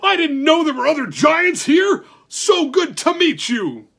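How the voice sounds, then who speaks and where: A man voicing a jolly, bumbling giant king who exclaims loudly and cheerfully, with a husky voice. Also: very high voice, sing-song, a little slow, voice pushed up, exaggerated voice. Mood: jolly booming.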